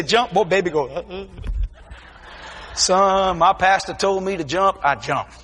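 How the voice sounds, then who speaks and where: A man preaching a testimony sermon, telling stories in a folksy, informal way and breaking into shouted exclamations. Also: high voice, a little hiss or hum. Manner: animated storytelling with shouted exclamations. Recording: long hall reverb.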